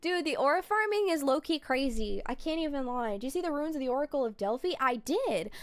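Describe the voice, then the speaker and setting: High-voiced playful woman streamer. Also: expressive, fairly quick, dry recording. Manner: playful and goofy, silly word swaps. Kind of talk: casual livestream chat.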